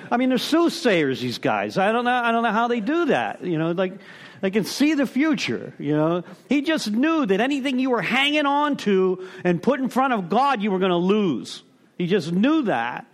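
A middle-aged man sharing his personal story with a recovery group, rambling and interrupting himself, chuckling at his own tale. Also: sits high. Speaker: speaker sharing at a recovery meeting.

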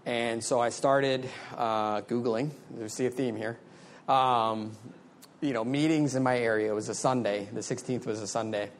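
A middle-aged man talking candidly and loosely, full of "like" and "you know". His voice sits at an ordinary mid pitch. He speaks in a relaxed, conversational way. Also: moderate pace, slight background noise. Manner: candid, conversational, many fillers. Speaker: speaker sharing recovery story. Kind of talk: personal storytelling.

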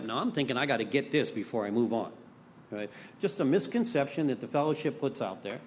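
A man's voice: on the low side, expressive, a little fast, a little hiss or hum. Blunt, storytelling man. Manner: acts out quoted voices. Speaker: recovery meeting speaker. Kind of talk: personal recovery talk.

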